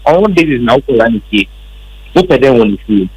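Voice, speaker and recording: A man's voice: mid-range voice, animated, a little fast, darkish tone, husky, low-quality recording. A man with a Ghanaian accent, a member of parliament, emphatically recounting events in an interview. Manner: emphatic, repetitive storytelling.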